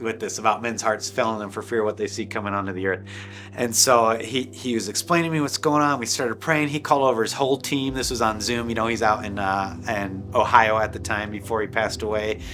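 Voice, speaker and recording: A man telling an emotional personal testimony, rambling and intense, full of restarts and "like", sometimes sinking to a hushed low voice. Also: fairly quick, a little hiss or hum. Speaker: guest sharing a personal testimony.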